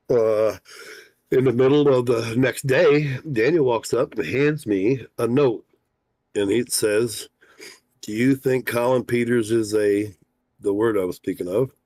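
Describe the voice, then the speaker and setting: A man's voice: on the low side, darkish tone, no room sound. A man hosting a casual livestream talk show as a fishing guide, folksy and rambling, with lots of "uh" fillers.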